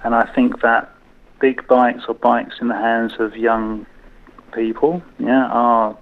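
A man's voice: mid-range voice, flat delivery, takes it slowly. Man on a tinny phone-like line. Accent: British English. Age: middle-aged. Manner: hesitant, many restarts and fillers. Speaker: podcast guest. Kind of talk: casual interview chat.

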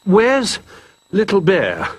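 A gentle, nervous toy giraffe, played by a man speaks in a raised, slightly husky voice. He is polite and timid in this storybook reading, and his pitch lifts well above the reader's usual register. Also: wildly swooping pitch, slow pace, no room sound, heavily acted. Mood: warm. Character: shy, gentle, very tall toy giraffe, male.

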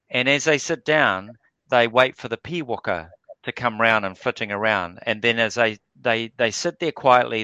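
A man's voice: medium pitch, pushed and bright, no room sound, dull audio. A man answering interview questions in a casual, hesitant way, full of fillers and restarts. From New Zealand. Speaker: guest.

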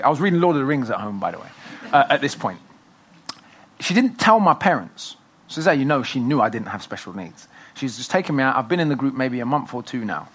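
A man, a guest author speaking fast and emphatically in a festival interview. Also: mid-range voice, breathy edge. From Britain. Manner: fast, animated, emphatic storytelling.

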